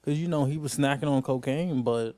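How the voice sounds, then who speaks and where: A man's voice: mid-range voice, fairly quick, mellow, no room sound. A man giving a casual, rambling TV episode recap as host, sounding exasperated throughout.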